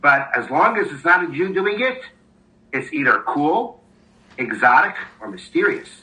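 A man teaching a Torah class in a very bright, fairly high voice. He talks thoughtfully, with plenty of fillers and restarts as he works through a text. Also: big pitch swings, normal speed, low-quality recording. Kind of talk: Torah class with a read-aloud story.

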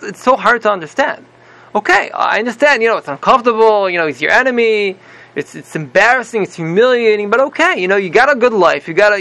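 High gravelly guy teaching a class, keeps saying right?, bright voice, lots of restarts. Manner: animated, repeats "right?" constantly, many restarts. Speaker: religious teacher. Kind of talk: casual Torah class storytelling.

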